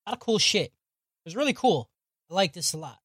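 A man's voice: sits high, very animated, fast, a bit bright, husky, no echo, clean studio sound. A man co-hosting a casual podcast, recapping scenes with jokes and swearing. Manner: profane, jokey, narrates scenes with acted quotes. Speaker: podcast co-host recapping an anime. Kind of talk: casual chat.

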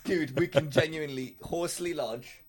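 A man co-hosting a podcast in casual chat, excitable and animated, often stumbling over his words. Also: a little high, moderate pace, slight background noise. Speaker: podcast co-host.

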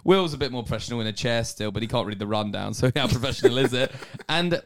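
A man's voice: mid-range voice, animated, quick pace. A man co-hosting a casual podcast chat, with dry, teasing humor, speaking into a handheld mic while on his bed at home. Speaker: podcast co-host.

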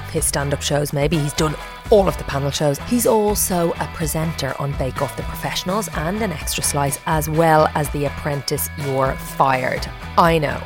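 A woman with an Irish accent hosting a podcast, chatting casually with playful, quick asides. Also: sits low. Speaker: podcast host. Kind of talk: casual chat.

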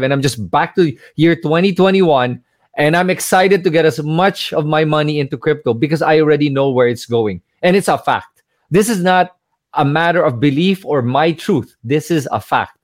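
A man, a crypto investor, appears as a guest in a casual chat, his voice slightly high and the studio sound clean with no room tone. He speaks with confidence and emphasis, acting out the dialogue as he tells his story.

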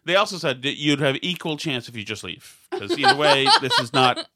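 A man's voice: medium pitch, huge pitch swings, fairly quick, sharp tone, dry recording, clean studio sound. A man hosting a comedy podcast, telling a rambling, self-mocking story in casual chat. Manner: rambling, self-mocking, slips into mock voices. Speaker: podcast host.

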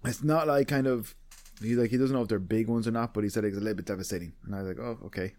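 A man's voice: fairly low pitch, racing, darkish tone, no echo. A man co-hosting a podcast in casual chat, playful and joking. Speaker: podcast co-host.

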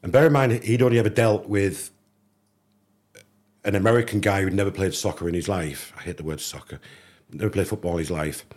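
Husky low-voiced Englishman telling a story. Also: a little fast. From England. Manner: animated anecdote teller, acts out dialogue. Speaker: podcast guest. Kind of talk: casual storytelling.

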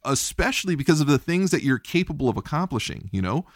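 A man's voice: fairly high pitch, quick pace, no echo, clean studio sound. A man hosting a podcast, telling stories with energy, swearing freely and acting out what others said. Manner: animated storytelling, swears freely, acts out quotes. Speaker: podcast host. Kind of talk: casual podcast chat.

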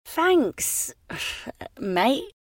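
A man's voice: extremely high pitch, very animated, extremely slow, dry recording, voice pushed up, full character voice. A man voicing a young runaway child who gives hesitant, short replies. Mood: grateful. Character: young runaway child, wary and plain-spoken.

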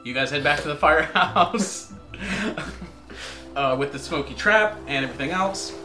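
A man narrating a tabletop role-play game as game master, animated and often laughing. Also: fairly high pitch, a little slow. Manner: animated, laughing, filler-heavy. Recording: echoey room with music behind.

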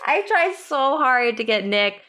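Enthusiastic woman co-host, fairly high voice, gushy and rambling. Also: lively intonation, unhurried, pushed and bright, slight background noise. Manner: gushing, enthusiastic, rambling with fillers. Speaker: podcast co-host. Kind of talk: casual chat.

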